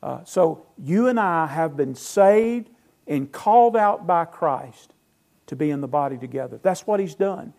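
A male pastor preaches in a fairly high voice. He is emphatic and asks his listeners questions, then answers them himself. His volume rises and drops sharply from phrase to phrase. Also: lively intonation, measured pace. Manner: loudness swings widely between phrases. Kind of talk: sermon.

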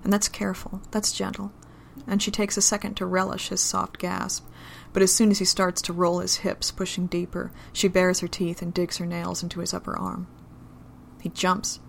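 A woman reading an adult romance story aloud in a low, intimate, steady manner. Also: normal speed, gravelly, a little hiss or hum. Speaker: narrator.

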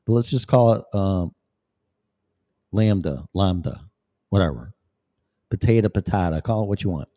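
A man's voice: lowish voice, a little fast, warm tone, lo-fi sound. A man talking in a rambling, profane, preachy monologue as a vlogger. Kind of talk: casual monologue.

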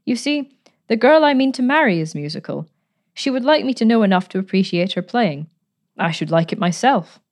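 A woman reading a storybook, voicing a charming, playful gentleman who speaks in a breezy, teasing, pleasant way. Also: mid-range voice, lively intonation, a little fast, voice pushed up, natural voice. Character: charming, playful gentleman adventurer, adult man.

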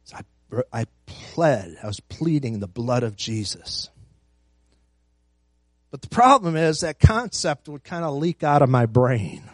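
A man's voice: a little high, very animated, a little slow, dry recording. A man preaching a sermon as pastor, emphatic, repeating phrases and building force.

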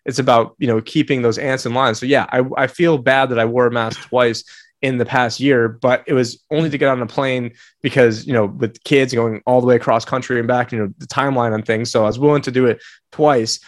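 A man's voice: medium pitch, steady tone, brisk, dry recording, studio quality. A man as a talk show guest, chatting casually in a rambling way, swearing and using many fillers. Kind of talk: casual chat.

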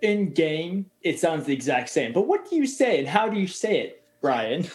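An easygoing man narrating a tabletop game as game master. He talks hesitantly with many fillers, in a somewhat high voice. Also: very animated, normal speed, a little mellow, soft background music.

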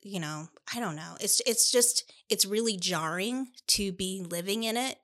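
A woman's voice: medium pitch, a bit bright. Earnest, chatty woman in casual talk. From Iowa, United States. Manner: earnest, chatty, quick to laugh, lots of fillers. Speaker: podcast co-host, bookstore owner. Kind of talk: casual chat.

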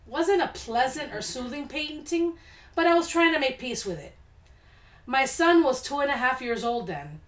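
A woman's voice: high voice, expressive, normal speed, fairly bright tone. A woman hosting a casual podcast, reading listener stories aloud and reacting with blunt, laid-back asides. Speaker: podcast host. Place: home studio room. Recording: echoey room.

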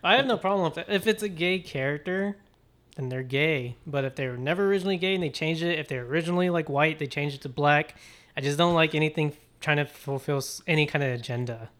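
A man's voice: on the high side, fast talker, fairly bright tone. A man co-hosting a film podcast, casual and opinionated. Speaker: podcast co-host. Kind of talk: casual chat.

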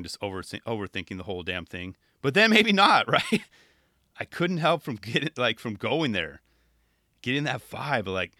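A man from California commenting on a skate video in a casual, animated, chatty way, laughing often. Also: on the low side, dry recording, studio quality. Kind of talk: casual chat.

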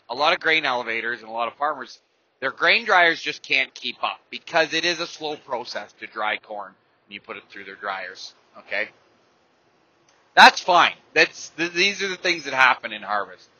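A man hosts a podcast in a mid-range voice that sounds pushed and bright, with no room sound. His talk is a casual storytelling rant, rambling, blunt and full of profanity, captured in a dry, slightly dull lo-fi recording.

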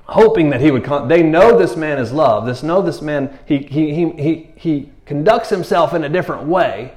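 A man's voice: fairly high pitch, normal speed. Casual, storytelling male preacher. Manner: lively storytelling, acting out characters with voices; slangy, many fillers and rhetorical questions. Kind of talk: casual conversational sermon.

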